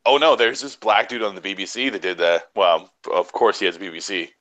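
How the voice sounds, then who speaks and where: A man's voice: on the low side, expressive, brisk, a bit bright, no echo, low-quality recording. A man in loose banter on a stream, joking and laughing easily. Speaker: stream participant. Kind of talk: casual chat.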